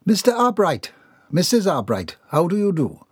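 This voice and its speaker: A man's voice: sits high, huge pitch swings, moderate pace, a little mellow, slightly rough, dry recording, clean studio sound, voice pushed up, full character voice. A man voicing a nervous, polite woman housekeeper hosting a 1920s garden party. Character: fretful woman housekeeper hostess.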